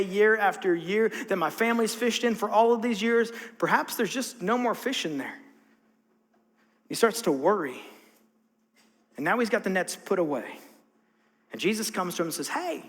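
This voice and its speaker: A male pastor preaches a sermon conversationally, hammering home points by repeating them. His voice is high-pitched and fairly bright, and the church sanctuary adds long reverb.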